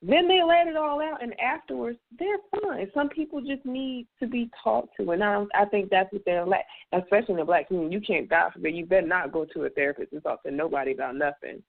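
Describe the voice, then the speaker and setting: A woman's voice: medium pitch, quick pace, vocal fry, hardly any pauses. Earnest woman over a tinny phone line. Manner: earnest and opinionated. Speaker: roundtable panelist. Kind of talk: casual radio panel chat.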